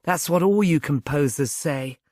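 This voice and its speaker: Man doing a sharp witty young woman, brisk, raised voice, dry close sound. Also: fairly high pitch, dry recording. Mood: wry, brisk. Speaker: reader.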